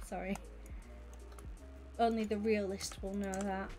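A woman, chatting casually and excitably with viewers during a gaming stream. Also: medium pitch, brisk, long pauses, soft background music. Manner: excitable and gushing, chatting with viewers while she plays. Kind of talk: casual live-stream chat.

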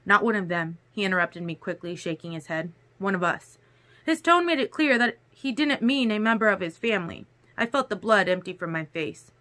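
Bright-voiced woman reading a novel aloud. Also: mid-range voice, lively intonation, brisk, few pauses. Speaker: audiobook reader. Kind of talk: first-person novel narration.

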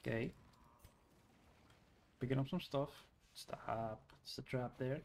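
A man giving casual let's-play commentary, excitable, exclaiming and cursing at the game. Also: mid-range voice, slow pace, slight background noise. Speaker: gaming video host.

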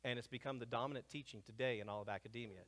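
A man giving an energetic lecture to a live audience, jumping between loud, excited asides and hushed remarks. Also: mid-range voice, rapid-fire. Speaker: speaker presenting to a live audience. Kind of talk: animated lecture. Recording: long hall reverb.

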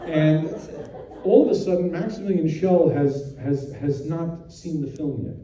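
A man, a film director, telling an animated anecdote on stage and slipping into voices of the people in it. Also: a little high, unhurried, recorded from a distance. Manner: animated storyteller doing voices of others. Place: festival venue with audience. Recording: echoey hall, mic from afar, audience.

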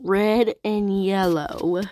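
A woman's voice: mid-range voice, steady tone, very slow, mellow. A woman playing a game casually, giggling playfully and talking through the hiccups. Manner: giggly, playful, breaks into laughter. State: has the hiccups.

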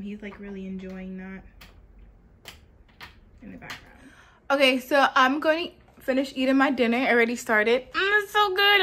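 A woman vlogging casually from her home kitchen, rambling and chatty with a lot of "like", in a New York accent. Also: fairly high pitch. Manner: chatty, rambling, heavy use of "like". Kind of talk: casual vlog chat.

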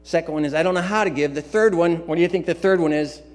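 A man's voice: on the high side, quick pace, a little mellow. Emphatic male pastor in a reverberant church. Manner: repetitive, emphatic preaching with asides and filler sounds. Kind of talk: sermon. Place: church sanctuary.

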